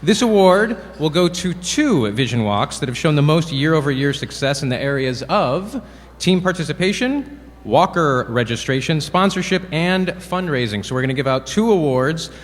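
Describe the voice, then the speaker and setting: A man presenting awards at a ceremony, cracking playful deadpan jokes. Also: on the high side, normal speed. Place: event hall. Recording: reverberant hall, faint room noise.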